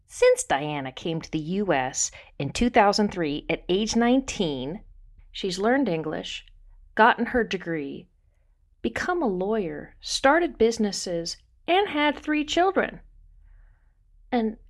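A woman in her forties from Southern California, hosting a podcast with lively, playful scripted storytelling. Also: mid-range voice. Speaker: podcast host.

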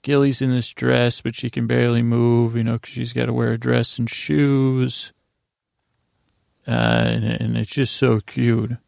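A man's voice: medium pitch, level tone, a little slow, vocal fry, darkish tone, dry recording, studio quality. A man hosting a podcast, casually recapping a TV episode in a rambling, conversational way. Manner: rambling, conversational, often restarting and retelling scenes. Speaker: podcast host.

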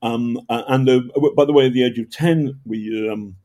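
An older man with a northern English accent talks through a long interview answer in a mid-pitched voice. He tells his stories in a rambling way, breaking off mid-sentence and starting again. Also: moderate pace, mellow. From Northern England. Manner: rambling, self-interrupting storyteller with projected voice. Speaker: guest, journalist and author. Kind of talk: conversational storytelling interview.

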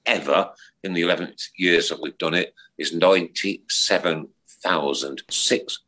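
A man's voice: low voice, unhurried, bright, forceful tone. A middle-aged man hosting a podcast in casual chat, jokey and rambling, with many fillers and restarts. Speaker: podcast host.

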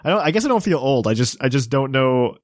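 A man in his late twenties co-hosts a casual chat, talking fast in a very animated, medium-pitched voice. He rambles with lots of fillers and pokes fun at himself, and the studio-quality sound has no echo.

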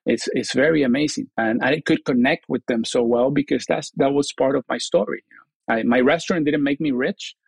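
A man's voice: medium pitch, fairly quick, creaky, slightly rough, no room sound, low-quality recording. Venezuelan man, earnest, dry close mic. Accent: Venezuelan Spanish. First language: Spanish. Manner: earnest, many restarts and "you know" fillers. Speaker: chef and TV host, guest. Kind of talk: casual interview chat.

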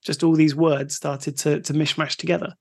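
A man from Britain co-hosting a podcast, telling things in a relaxed way and laughing often. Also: fairly high pitch, normal speed, vocal fry, no room sound, studio quality. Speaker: podcast co-host. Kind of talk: casual chat.

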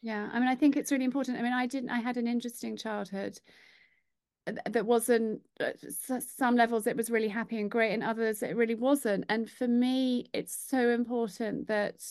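Higher-voiced woman hosting a podcast. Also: fairly even intonation, moderate pace, a little mellow, clean tone, no room sound, clean studio sound. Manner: agreeable, frequent "yeah" backchannels. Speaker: podcast host. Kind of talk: casual chat.

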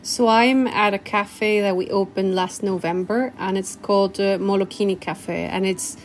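A woman who owns a cafe, answering interview questions in a relaxed, casual way. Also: mid-range voice, normal speed, a little hiss or hum. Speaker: cafe owner, guest.

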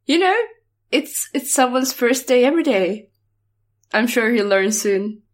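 A woman playing a tabletop role-playing game, describing her character's actions. Her voice sits a touch high and she talks slowly. She sounds casual and hesitant, with plenty of fillers. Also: expressive. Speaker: player.

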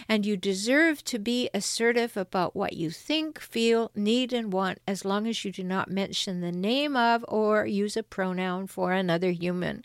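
A woman's voice: medium pitch, moderate pace, hardly any pauses, clear, resonant tone, no room sound. Earnest female relationship coach, dry sound. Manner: earnest, encouraging, emphatic. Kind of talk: direct-to-camera advice talk.

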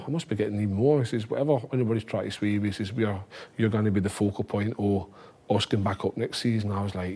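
A man's voice: fairly low pitch, racing, breathy edge. A man with a Scottish accent, a former footballer telling a long story as a guest in casual talk, acting out the voices of the people he quotes. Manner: animated, acts out quoted voices.

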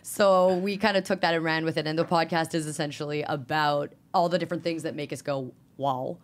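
A young woman, a stand-up comedian chatting as a podcast guest, animated and swearing freely. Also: deep voice, fast. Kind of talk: casual podcast chat.

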